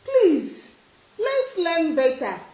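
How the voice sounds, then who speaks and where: A woman's voice: very high voice, sing-song, extremely slow, a little mellow. A woman eye doctor answering questions in a live stream, earnest and emphatic, often breaking into laughter. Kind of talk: live stream Q&A, casual advice. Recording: roomy echo.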